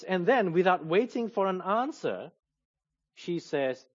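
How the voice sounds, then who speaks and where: Male preacher, measured teaching sermon, lively pitch, slightly high voice. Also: breathy edge, lo-fi sound. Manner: measured, explanatory, lively intonation.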